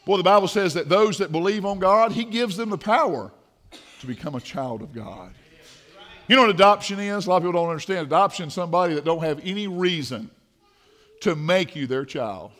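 A man preaching a sermon in a church, fervent, moving from hushed passages to shouting. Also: high-pitched, animated, fairly quick. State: dry mouth. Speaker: pastor. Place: church sanctuary.

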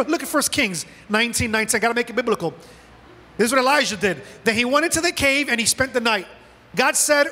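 A man preaching a sermon as pastor in a church, animated and acting out prayers and dialogue. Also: very high voice, a little fast, big-room sound. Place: church sanctuary.

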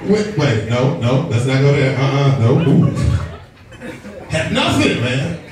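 A man's voice: medium pitch, sing-song, measured pace. A man doing a profane, brash stand-up comedy set, bantering with the audience in a comedy club. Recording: echoey club room, distant mic, crowd. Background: audience laughter.

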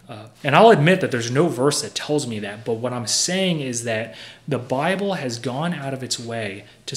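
A man's voice: mid-range voice, fairly bright tone. A young man preaching a sermon in a conversational, earnest way, explaining with everyday examples. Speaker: pastor.

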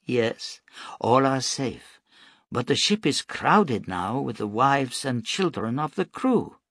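A man's voice: medium pitch, very animated, slow pace, a bit bright, no room sound, studio quality, heavily acted. A man voicing a devoted, anxious wife in an audiobook reading, with a raised pleading tone. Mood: worried.

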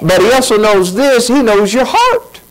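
A man preaching from the pulpit in a high, bright-sounding voice. He speaks animatedly, firing off rhetorical questions with sudden leaps in pitch. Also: huge pitch swings, normal speed, poor audio. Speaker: pastor. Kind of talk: sermon.

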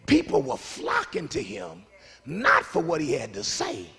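A man preaching a lively sermon, talking with the congregation and swinging between shouted lines and hushed asides. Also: high voice, measured pace, creaky, breathy edge, big-room sound. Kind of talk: call-and-response sermon. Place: church sanctuary.

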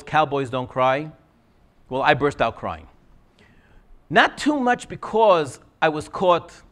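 A middle-aged man tells a personal story to a room with a voice that sits high and swings up and down a lot. He acts out each quoted exchange as he goes, shifting his delivery for every speaker. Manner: animated, acts out quoted dialogue. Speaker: scribe giving a talk.

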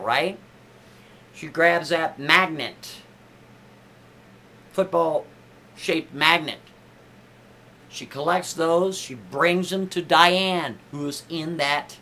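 A man telling a made-up story in a casual, chatty way, pushing his pitch up for emphasis. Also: pushed and bright, a little hiss or hum.

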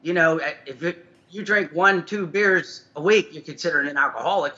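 A man's voice: a little high, moderate pace, sharp tone. A man answering questions over a conference call, hesitant and rambling as he defends himself. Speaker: guest on a video call. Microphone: conference call line. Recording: dull video-call audio.

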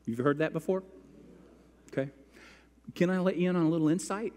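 A man's voice: on the high side, normal speed, pauses often, darkish tone, big-room sound. A man pastor preaching a sermon, telling stories and acting out quotes as he goes. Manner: storytelling with acted-out quotes. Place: church sanctuary.

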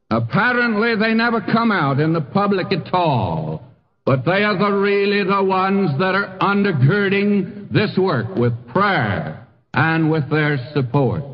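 Older preacher, slow emphatic phrases. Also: male voice, a little high, long reverb tail, dull audio. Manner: earnest preaching with dramatic slowdowns on key phrases. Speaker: pastor. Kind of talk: sermon. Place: church sanctuary.

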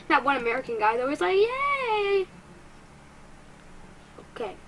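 A woman giving excitable let's-play commentary as a gaming YouTuber, quick to get frustrated and poking fun at herself. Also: high voice, a little hiss or hum, poor audio.

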